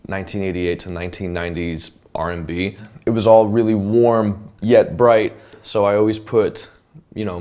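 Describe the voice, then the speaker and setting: A man casually explaining how he produced a pop song, often stopping to hum and mimic sounds. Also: low-pitched. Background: his song's tracks playing loudly.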